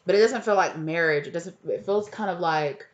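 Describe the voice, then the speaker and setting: A woman's voice: on the low side, normal speed, highs cut off. A woman giving a casual, rambling tarot reading at home, full of fillers and asides. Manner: rambling, filler-heavy, chatty. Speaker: tarot reader. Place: home with a cat.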